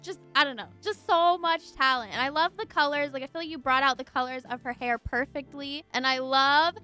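A woman's voice: sits high, fairly quick, bright, forceful tone, faint music behind. A woman co-hosting a casual reaction chat, effusive and enthusiastic. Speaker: guest co-host.

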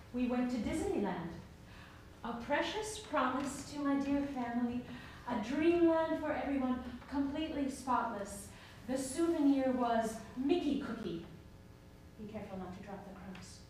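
An actress playing a weary, matter-of-fact woman who speaks in flat, resigned phrases on a stage. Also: sits high, unhurried. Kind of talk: stage play reading. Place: theater stage. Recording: echoey stage from far off, faint noise.

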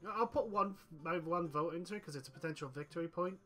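A man's voice: sits high, fast talker, bright, forceful tone, poor audio. A man giving casual let's-play commentary, chatting to his units and himself over game music. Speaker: gaming channel host.

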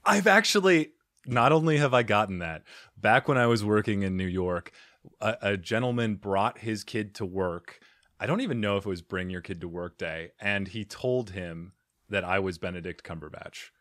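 An easygoing male podcast host who chats and laughs along with his guest. His voice sits low, and the sound is dry and close with no room around it. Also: moderate pace, fairly bright tone, dry recording. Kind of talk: casual podcast interview.

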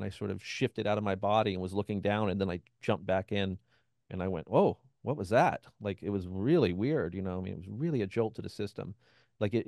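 A man with a fairly low, gravelly, darkish voice speaks as an interview guest, telling his personal story in a loose, conversational way. He imitates the voices of people he quotes, keeps saying "you know," and often restarts his sentences. The recording is close and dry.

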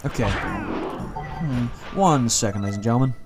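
A man's voice: lowish voice, expressive, measured pace, gravelly. A young man giving casual, rambling, joking commentary while he plays a video game. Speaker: gameplay commentator. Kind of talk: casual let's play commentary. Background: game music.

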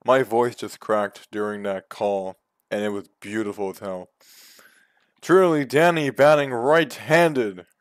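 A man giving play-by-play commentary on a video game baseball league, calm between pitches and yelling on big hits. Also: measured pace, no echo, studio quality. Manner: jumps from calm calls to loud excited yells.

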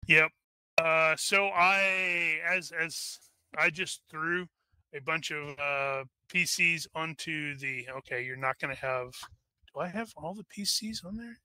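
A man's voice: a little high, takes it slowly, bright, forceful tone, clean tone, no echo. A man narrating as game master of an online tabletop game, rambling with many fillers and restarts.

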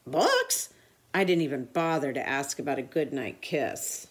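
A woman tutor reading a children's picture book aloud with expressive storytelling. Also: a bass voice, normal speed.

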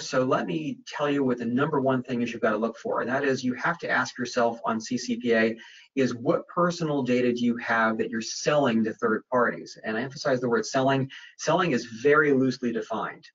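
A man's voice: mid-range voice, a bit bright. A man presenting a webinar Q&A, talking conversationally with lots of fillers and restarts. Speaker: webinar presenter on data privacy. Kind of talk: webinar Q&A talk. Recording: muffled, distant webinar audio.

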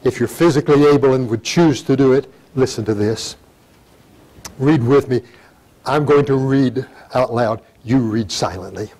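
An older man giving a sermon, reading scripture in old-fashioned wording and breaking into sudden loud emphatic rises. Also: medium pitch, normal speed, rough recording. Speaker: pastor.

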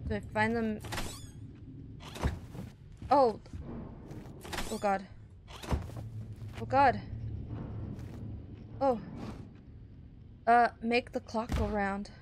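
A young woman with a high, swooping voice plays a horror game on camera, easily startled and gasping. She talks things through slowly, to herself and to her viewers. Faint background noise sits under her voice. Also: fairly even intonation. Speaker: gaming YouTuber. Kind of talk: horror game let's play commentary.

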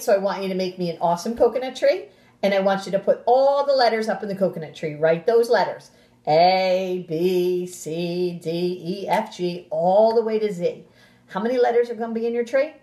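A woman teacher reading a picture book aloud to young children, animated and expressive, with gasps and playful sound effects, then giving the class instructions. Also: medium pitch. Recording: roomy echo.

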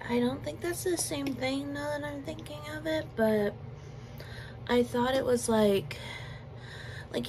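A young woman talks slowly to her phone camera between bites, her voice sitting a bit high. She rambles, giggles and chews through a casual eating vlog, with a faint hiss of room noise behind her. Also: a little mellow, poor audio. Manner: chatty, giggly, talks while chewing with mouth full. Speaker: mukbang vlogger.

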